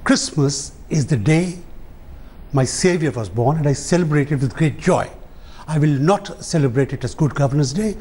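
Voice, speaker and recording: A man's voice: fairly high pitch, lively intonation, normal speed, dark tone, husky. A man, a debate guest speaking in an impassioned, aggrieved way. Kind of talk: political debate.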